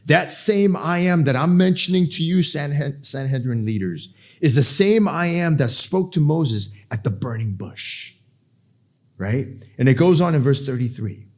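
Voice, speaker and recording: A man preaching a verse-by-verse sermon, acting out the people in the scripture with sudden jumps in pitch and dropping to a hushed voice at tender points. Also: expressive, unhurried. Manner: drops to a soft, hushed voice for emotional moments. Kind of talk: expository sermon.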